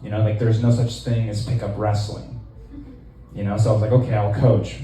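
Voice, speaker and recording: A man in his twenties doing a stand-up set in a small club, deadpan and rambling, with lots of fillers. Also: lowish voice, a little fast, very echoey, far from the mic, slight background noise, poor audio. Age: 20s. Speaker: stand-up comedian.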